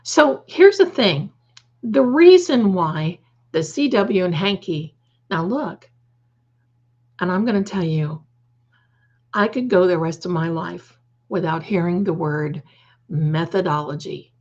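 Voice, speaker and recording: A woman's voice: on the low side, animated, takes it slowly, long pauses, a little mellow, lo-fi sound. A woman hosting a casual livestream, reading the chat aloud, calling her viewers darling and adding snarky, opinionated asides. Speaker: livestream host.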